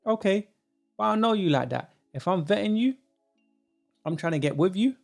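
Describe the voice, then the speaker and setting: Gravelly man co-hosting a podcast. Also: high-pitched, lively intonation, moderate pace, soft background music. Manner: emphatic, repeats himself, frequent agreeing hums. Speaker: podcast co-host. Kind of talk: casual opinion podcast chat.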